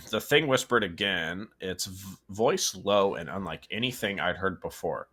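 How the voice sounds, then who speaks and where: A man's voice: deep voice, animated, a little slow, bright, forceful tone, husky. A man casually reading a horror story aloud, stumbling, correcting himself and adding asides. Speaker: story reader and co-host.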